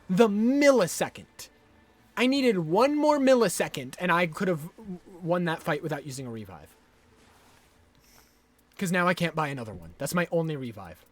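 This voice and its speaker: High, lively young man ranting at a game. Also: slight background noise. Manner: frustrated, swearing rants. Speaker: streamer. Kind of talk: live gameplay commentary.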